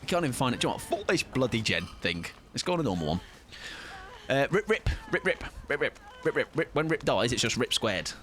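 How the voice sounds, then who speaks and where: A man streaming a game, chatting playfully and excitably with teammates. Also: medium pitch, fast, a little hiss or hum. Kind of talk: casual gaming chat.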